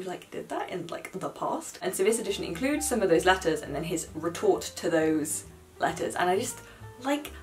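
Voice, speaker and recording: A young woman talking casually to camera about books, animated and blunt, with sarcastic asides. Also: on the low side. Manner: chatty, animated, swears and mocks in quoted asides. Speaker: book vlogger. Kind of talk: casual chat.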